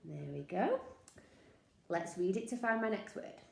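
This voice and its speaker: A woman teacher with a Northern English accent, slowly sounding out words for young children in a sing-song, encouraging way. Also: mid-range voice, expressive, gravelly, darkish tone. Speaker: early years teacher. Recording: echoey room.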